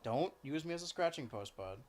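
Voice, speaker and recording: A man's voice: fairly high pitch, animated, a little fast, darkish tone. A man chatting casually on a live stream and cooing at his cats between remarks. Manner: chatty, coos and baby-talks to his cats.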